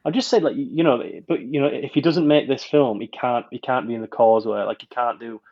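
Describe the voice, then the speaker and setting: A man's voice: medium pitch, fairly even intonation, brisk, highs cut off. A man reviewing a film on a podcast in casual chat, rambling with many restarts.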